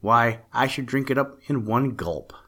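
A man's voice: mid-range voice, unhurried, a bit bright, voice pushed up. A man voicing a thirsty, scornful male drinker who could gulp a lake, in a storybook tale.

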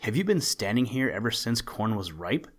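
A man voicing a jolly, brisk old Santa Claus in a storybook, with a hearty, commanding manner. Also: lowish voice, sing-song. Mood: questioning.

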